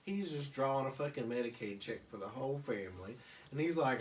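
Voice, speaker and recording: Crude, animated man telling a story. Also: medium pitch, a little fast, reverberant, distant mic, a little hiss or hum. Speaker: storyteller among friends. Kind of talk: comic retelling with voices.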